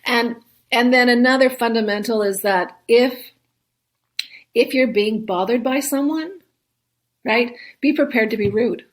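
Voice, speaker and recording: A woman's voice: fairly high pitch, measured pace, pauses often. A woman guest in a conversational interview, chatty, often laughing and ending her points with "right?". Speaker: guest, solo travel expert.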